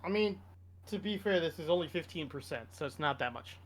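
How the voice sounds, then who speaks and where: A man's voice: fairly high pitch, expressive, fairly quick. A man co-hosting a casual sports podcast, rambling and opinionated with frequent restarts. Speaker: podcast co-host.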